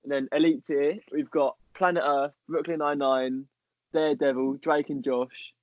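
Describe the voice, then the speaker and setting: A man's voice: a little high, flat delivery, normal speed, dry recording. A man co-hosting a podcast in casual, jokey chat, often stumbling over and repeating his words. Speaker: podcast co-host. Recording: dull, slightly muffled audio.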